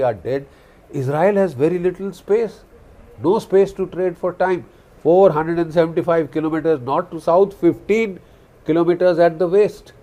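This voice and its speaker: A man's voice: fairly high pitch, a little mellow. A man giving impassioned political commentary, emphatic, repeating key phrases and using frequent fillers.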